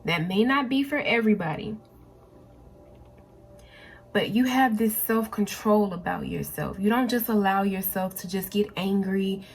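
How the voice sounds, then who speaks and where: A woman's voice: mid-range voice, unhurried, gravelly, slightly rough, soft background music. A woman doing a pick-a-card tarot reading in a mid-range voice. She talks casually and speaks straight to her viewers, often repeating and restarting her phrases. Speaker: tarot reader.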